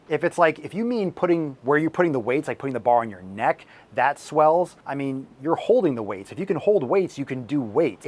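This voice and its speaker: A man hosts a fitness channel, answering viewer questions in a blunt, profane style. At times he rants, and his medium-pitched voice turns slightly hoarse as he loses it.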